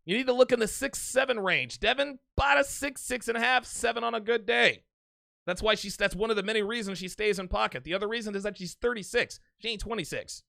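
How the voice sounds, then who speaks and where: A man's voice: high voice, quick pace, creaky, bright, forceful tone, no echo. A man in his forties hosting a live call-in show, brash and swaggering, swearing freely and laughing often. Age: 40s.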